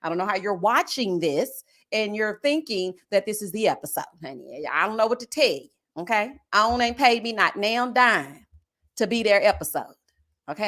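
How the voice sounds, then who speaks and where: A woman giving sassy, animated live-stream commentary on a reality show. She keeps calling her viewers honey and child. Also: medium pitch, normal speed. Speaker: YouTube reality-show reviewer.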